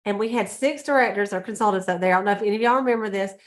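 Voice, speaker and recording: A woman's voice: medium pitch, very fast. A middle-aged or older woman, leading a sales meeting in a casual, chatty way and acting out little scenes. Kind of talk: casual motivational talk.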